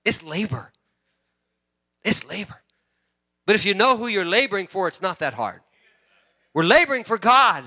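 Middle-aged male pastor, higher-pitched, sharp tone, animated sermon delivery with loud peaks and quiet asides. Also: moderate pace, pauses often, no echo, studio quality. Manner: repeats words and restarts often.

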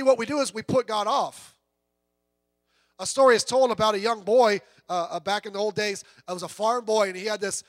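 A high-voiced man preaches in a loose, conversational way, full of asides and rhetorical questions. The sound is dry and close, with no room echo. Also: fairly bright tone. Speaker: pastor. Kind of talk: sermon.

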